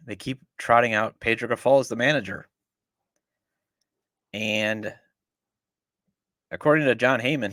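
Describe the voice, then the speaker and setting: A man's voice: medium pitch, fairly bright tone, dry recording, studio quality. A middle-aged man hosting a sports podcast, ranting with exasperated sarcasm about his team. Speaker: podcast host. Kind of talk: opinionated sports talk.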